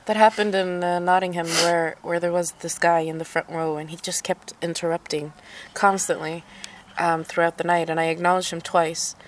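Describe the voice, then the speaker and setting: A young adult woman, a comedian, co-hosting a podcast in casual chat, relaxed and agreeable, with some ums and uhs. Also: lowish voice, normal speed, a little hiss or hum. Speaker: podcast co-host.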